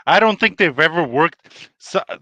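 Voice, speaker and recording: A man's voice: a little high, expressive, moderate pace, sharp tone, lo-fi sound. A man co-hosting a casual chat, telling stories hesitantly with many fillers. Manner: hesitant, filler-heavy storytelling.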